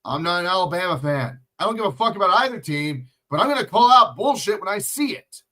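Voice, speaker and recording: A man's voice: sits high, very animated, fast talker, pushed and bright. A man ranting and cursing bluntly while calling a football game live on a stream, lecturing the players between plays. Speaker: livestream commentator. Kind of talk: profane ranting play-by-play commentary.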